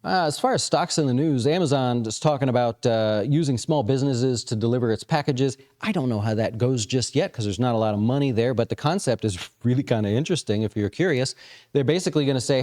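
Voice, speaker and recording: Man, market-commentary host, mellow tone, casual and rambling, lots of uhs, mid pitch. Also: quick pace. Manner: conversational, frequent fillers and restarts. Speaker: investment firm host.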